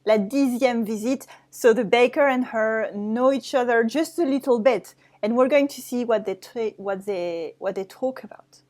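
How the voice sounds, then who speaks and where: A woman's voice: on the high side, moderate pace, hardly any pauses, darkish tone. A French woman with a French accent, teaching a language lesson step by step. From France. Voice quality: explaining step by step, with restarts.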